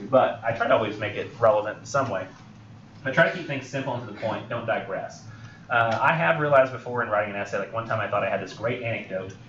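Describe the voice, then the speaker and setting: A young male college instructor lectures in a roomy classroom, heard through a dull, lo-fi recording with faint room noise. He rambles a little, leans on fillers and slips into quick impressions of film characters. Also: on the low side, sharp tone. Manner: rambling, filler-heavy, acts out film scenes.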